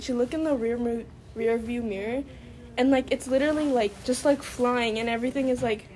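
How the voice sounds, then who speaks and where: A young woman co-hosts a casual podcast chat and rambles through her story, leaning on "like" in nearly every phrase. Her voice sits a little high. A faint hiss of noise runs under the recording. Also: brisk, a little mellow. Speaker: podcast co-host.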